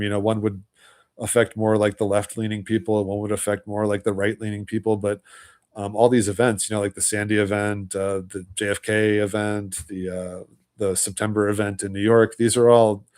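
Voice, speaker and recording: With a fairly low, slightly mellow voice, a man hosts a livestream in a loose, wandering way. "You know" and "like" fill his talk, and he laughs softly between points.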